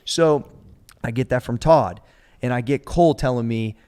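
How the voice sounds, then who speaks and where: On a coaches' podcast, a strength coach in his forties tells a story casually and with animation, acting out others' lines and swearing freely. His voice is clean and sits at an ordinary male middle pitch, at a moderate pace.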